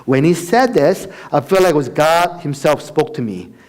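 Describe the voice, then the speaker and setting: A man's voice: fairly high pitch, lively intonation, moderate pace, a little mellow. A man giving a personal testimony as a missionary speaker in a church, telling his story with acted-out dialogue and frequent laughter. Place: church sanctuary.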